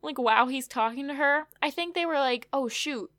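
High-voiced chatty woman, dry sound. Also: brisk, fairly bright tone, no room sound. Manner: chatty, wry asides, many fillers. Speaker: podcast co-host. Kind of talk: casual TV recap chat.

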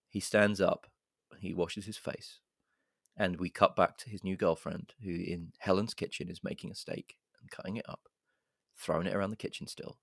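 Deep, slightly rough, and marked by vocal fry, this male podcast co-host's voice carries a relish-filled casual retelling of a horror film, complete with swearing and dramatically acted-out quotes. The recording is dry and studio quality.

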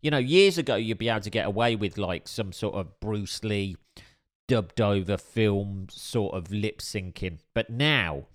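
A man's voice: fairly low pitch, unhurried. A man telling a story in casual chat, wry and rambling, with many fillers and restarts. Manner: dry, wry humor.

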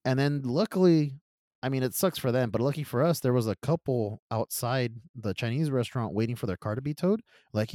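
Profane, animated young-sounding man storyteller. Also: medium pitch, a little fast, no room sound, studio quality. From California. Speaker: podcast co-host. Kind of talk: casual chat.

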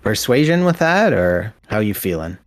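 A man narrating a tabletop game as game master, in a relaxed, loose manner. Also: on the low side, moderate pace.

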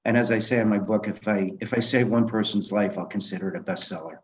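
A middle-aged man being interviewed, telling animated stories from his film career and acting out the dialogue. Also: fairly low pitch, quick pace. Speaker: guest, film director and memoir author. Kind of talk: conversational storytelling interview. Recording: dull lo-fi audio.

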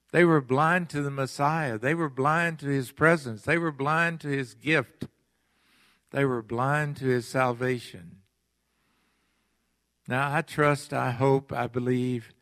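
A man preaching a sermon in a church, earnest, asking the congregation pleading questions and pausing between phrases. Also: medium pitch, fairly bright tone, no room sound. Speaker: pastor. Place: church sanctuary.

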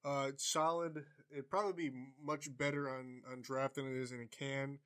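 A man's voice: mid-range voice, level tone, normal speed, fairly bright tone, smooth. A man hosting a casual sports podcast, talking loosely with plenty of fillers as he runs the beer reviews. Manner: rambling, easygoing, filler-heavy. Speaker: podcast host.

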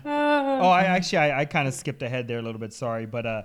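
A man's voice: medium pitch, fast talker, clean tone, faint music behind. A man hosting a podcast, running through a movie bracket in casual chat. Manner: runs the bracket, lively. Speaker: podcast host.

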